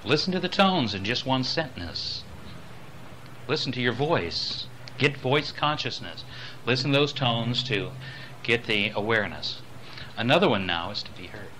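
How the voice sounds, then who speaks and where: A man teaching a lecture on voice and speaking, dropping low and soft, then rising loud to show his points. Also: animated, measured pace, slight background noise. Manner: demonstrates voices, swings between soft and loud. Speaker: spiritual voice teacher. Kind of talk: recorded lecture on voice.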